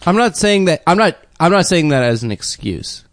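A man's voice: a little high, big pitch swings, moderate pace, dry recording, clean studio sound. A man co-hosting a casual podcast, easygoing and a bit defensive, often hesitating and restarting his sentences. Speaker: podcast co-host.

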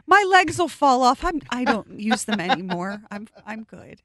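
A woman's voice: fairly high pitch, big pitch swings, moderate pace, fairly bright tone, no room sound, clean studio sound. A woman putting on the voice of a frail, self-effacing elderly mother who trails off into near-whispers. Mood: self-pitying. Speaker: radio co-host.

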